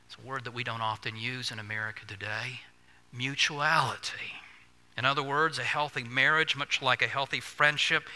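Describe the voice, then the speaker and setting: An older man preaching a sermon earnestly, stressing key words and pausing to let them land. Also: mid-range voice, bright, forceful tone. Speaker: pastor. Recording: long hall reverb.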